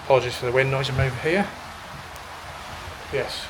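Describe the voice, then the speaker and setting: A man's voice: mid-range voice, normal speed, heavy background noise. A tired man from the UK casually reviewing a cruise ship cabin in a vlog, chatty and matter-of-fact. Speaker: vlogger touring a cruise cabin. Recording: background music mixed over the voice. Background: music.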